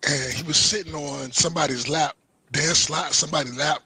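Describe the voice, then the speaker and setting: A man telling a story in animated, slangy casual chat. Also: a little high, brisk, breathy edge. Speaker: stream participant.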